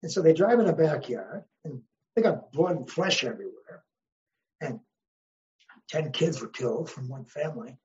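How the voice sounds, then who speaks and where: A man's voice: fairly high pitch, expressive, moderate pace, long pauses, a little mellow, lo-fi sound. A man, a history professor, speaking as an interview guest in an emphatic, wry way and posing rhetorical questions. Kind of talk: conversational interview.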